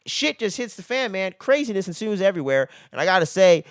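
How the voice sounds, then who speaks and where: A man rattles through a film recap in loose, slangy talk, swearing freely and tagging "man" onto nearly every phrase. His voice sits a little high and sounds smooth and clear. The recording is dry and close. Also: very animated, fairly quick, dry recording. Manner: slangy and profane, ends many phrases with "man". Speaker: movie reviewer. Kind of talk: casual spoiler movie review.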